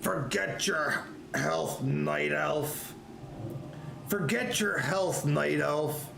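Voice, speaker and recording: Man doing a bossy dwarf paladin, impatient, barking orders, high voice. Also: extremely slow, gravelly, roomy sound, background noise, exaggerated voice. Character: pushy dwarf paladin in a fantasy game, bossy.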